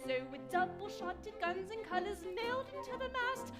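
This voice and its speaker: An imperious, domineering duchess from a staged operetta, sung by a woman. Her very high soprano sweeps through tart, commanding lines on a live stage. A full orchestra plays loudly behind her. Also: moderate pace, loud music behind the voice. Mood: triumphant. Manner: tart, sweeping operatic singing. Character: imperious middle-aged duchess, domineering wife. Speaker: opera singer. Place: theatre stage, live performance.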